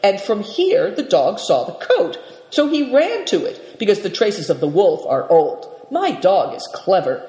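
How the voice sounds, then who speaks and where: A headstrong young nomad girl, proud and insistent, as the reader puts her on. The pitch jumps about lively. The sound has a long, roomy reverb. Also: unhurried. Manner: firm and insistent. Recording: echoey room with long reverb.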